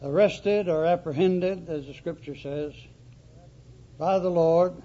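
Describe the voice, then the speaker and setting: A man preaching a sermon, emphatic and deliberate, stressing words through repetition. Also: on the high side, warm tone. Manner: emphatic, slow, dramatic repetition. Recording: dull lo-fi recording.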